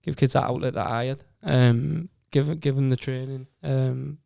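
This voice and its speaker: A man's voice: medium pitch, fairly even intonation, normal speed, vocal fry, warm tone, no echo, studio quality. A man in his twenties with a Teesside accent, a podcast guest telling his story casually and earnestly, often repeating words as he goes. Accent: Teesside English. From Stockton-on-Tees, England. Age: 20s.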